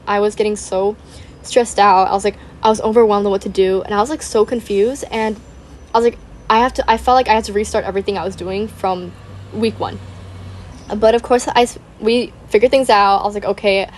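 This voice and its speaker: A woman's voice: medium pitch, fairly even intonation, brisk, a little hiss or hum. A young woman hosting a gaming channel, rambling in casual chat, saying "like" constantly, giggling and apologizing.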